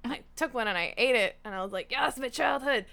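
Bright, lively young woman telling a story. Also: mid-range voice, fast, smooth. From Niagara region, Canada. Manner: animated storyteller, acts out quotes, laughs often, swears. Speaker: podcast co-host. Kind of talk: casual chat.

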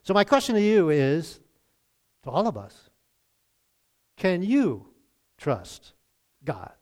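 A man's voice: a little high, wildly swooping pitch, takes it slowly, darkish tone. A man preaching a sermon in a conversational way, often chuckling and acting out the lines he quotes. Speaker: pastor.

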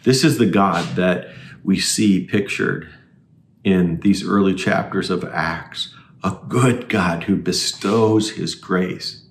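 Low-voiced male pastor preaching. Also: gravelly, roomy sound, a little hiss or hum. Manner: earnest, reads passages aloud. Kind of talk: sermon. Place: church.

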